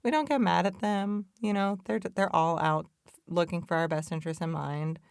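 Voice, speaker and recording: A woman's voice: lowish voice, normal speed, creaky, clean tone, no echo, clean studio sound. A woman hosting a podcast in a loose, chatty way, full of "like" and "y'all". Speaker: podcast host. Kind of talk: casual reflective talk on addiction recovery.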